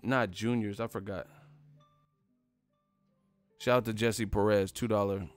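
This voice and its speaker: A man hosts a casual boxing live stream, ranting in a rambling, profane way and laughing at his own jokes. His lowish voice is fairly even and a little slow, with soft background music.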